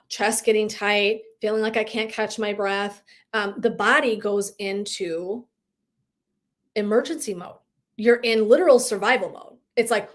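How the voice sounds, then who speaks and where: A woman in her thirties, a wellness coach, talking casually and animatedly on a live video, swearing lightly and laughing often. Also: mid-range voice. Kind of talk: casual live-stream talk.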